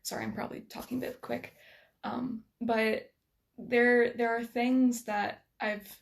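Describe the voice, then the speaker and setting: A fairly high-voiced American woman in casual conversation, her accent touched by a faint Scottish lilt. She talks in a chatty, self-deprecating way, with plenty of fillers and restarts, and her voice has a noticeable gravelly fry. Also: little pitch movement, a little slow. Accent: American with slight Scottish influence. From United States. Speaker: guest.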